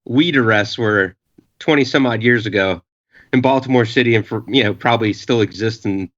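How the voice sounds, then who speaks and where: Dude in his 40s rambling thru a story, lots of uhs and swearing, bright voice, kinda lo-fi audio. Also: lowish voice, brisk. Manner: rambling, profane, many filler uhs, acts out quotes. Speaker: podcast guest. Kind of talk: casual storytelling.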